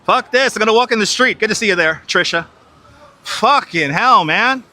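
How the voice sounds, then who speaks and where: A man's voice: high voice, expressive, moderate pace, bright, forceful tone. A man live-streaming his walk through busy city streets on a wireless lapel mic, giving profane, exasperated running commentary.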